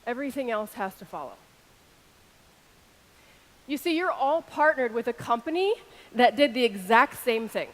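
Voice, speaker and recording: A woman in her thirties giving a keynote speech on an arena stage into a stage microphone. She moves between loud shout-outs to the crowd and a slower, intimate delivery. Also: a little high, animated. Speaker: keynote speaker.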